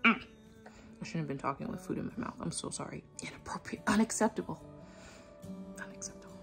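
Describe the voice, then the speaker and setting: A woman's voice: low voice, fast, vocal fry, music in the background. A woman vlogger chatting to camera at home in a rambling, enthusiastic way. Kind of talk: casual chat to camera. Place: at home indoors.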